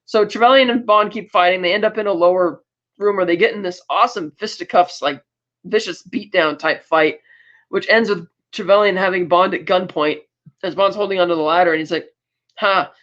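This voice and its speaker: A fairly quick, fairly bright medium-pitched voice belongs to a podcast co-host giving a casual film recap. They retell scenes, add loose asides, and act out bits of dialogue over dull lo-fi audio.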